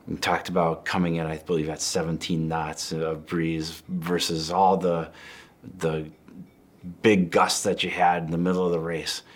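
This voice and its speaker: A male podcast host asking a guest curious, leading questions. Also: sits low. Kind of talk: interview questions.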